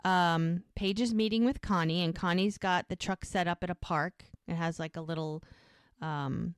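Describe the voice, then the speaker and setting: Woman on a podcast recapping a show, lowish voice, dry close sound, doing all the characters' lines. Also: normal speed, clean tone, dry recording. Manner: retells scenes acting out the lines in lively voices. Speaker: podcast co-host. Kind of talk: casual episode recap.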